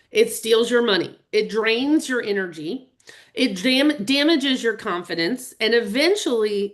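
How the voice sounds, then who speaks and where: A middle-aged woman coaching real estate agents in a live webinar, earnest and openly emotional as she talks to viewers. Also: fairly high pitch.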